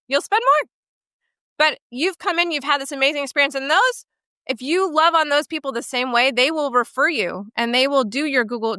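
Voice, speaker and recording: A woman co-hosting a podcast, talking in an animated, emphatic way and often checking in with "right?". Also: high-pitched, clean tone, no echo, clean studio sound. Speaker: podcast co-host and portrait studio owner. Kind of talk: casual podcast discussion.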